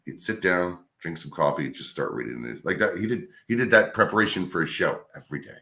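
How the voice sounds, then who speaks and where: A middle-aged man, a radio host, telling a career story in a casual, animated way. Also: low voice, quick pace. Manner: animated anecdote telling with acted-out quotes. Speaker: radio host, podcast guest.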